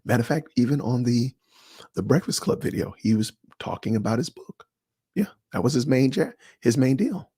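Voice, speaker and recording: A man hosting a livestream, chatting casually and answering viewers by name in an animated, slangy way. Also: mid-range voice, moderate pace, husky, dry recording, clean studio sound. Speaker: livestream host. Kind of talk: casual livestream chat reading comments.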